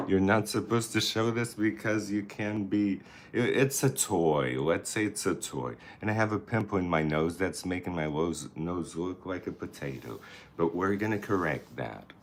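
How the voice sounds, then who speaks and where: A man with a deep voice vlogs a get-ready-with-me routine, chatting campily and playfully to the camera and to people nearby. He speaks at normal speed, and there is slight background noise.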